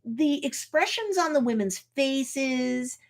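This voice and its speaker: Chatty woman attorney with a higher voice. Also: animated, slow pace. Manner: chatty, retells scenes, tags lines with "right?" and "like". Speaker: attorney reviewing a TV episode. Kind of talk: casual reaction commentary.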